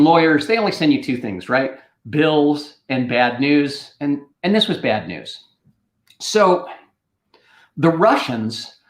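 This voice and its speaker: A man's voice: fairly high pitch, reverberant. A middle-aged man hosting a livestream who tells a long story casually and keeps checking in with "right?". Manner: chatty, anecdotal, keeps asking "right?". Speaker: host.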